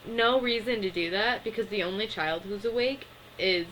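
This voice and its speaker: A young woman talks through a cartoon episode in a loose, chatty way, packing her sentences with fillers and small laughs. Her voice sits at an ordinary middle pitch. A faint hum of room noise stays behind her. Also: normal speed, a bit bright, rough recording. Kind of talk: casual episode recap.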